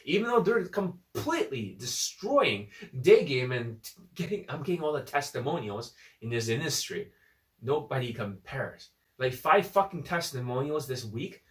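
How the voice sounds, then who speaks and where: A man's voice: medium pitch, big pitch swings, moderate pace, fairly bright tone, reverberant, far from the mic. A man giving a blunt, profane, combative unscripted rant to camera as a dating coach, recorded on his phone.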